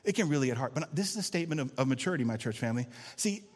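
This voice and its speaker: A man's voice: medium pitch, animated, rapid-fire. Preaching man in a reverberant hall. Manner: preaching with rising and falling intensity, calling for amens. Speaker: pastor. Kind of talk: sermon. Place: church sanctuary.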